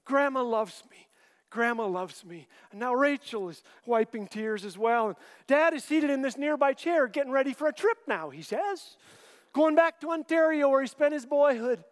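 A middle-aged man telling gentle, wry family stories with dry punchlines. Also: very high-pitched, long reverb tail. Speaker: Christian humorist and author. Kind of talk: storytelling talk.

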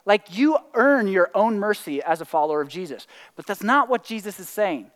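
A man preaching a sermon in a conversational way, full of "like" and "right?", now and then breaking into excited whoops. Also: high voice, moderate pace, long reverb tail. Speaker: pastor.

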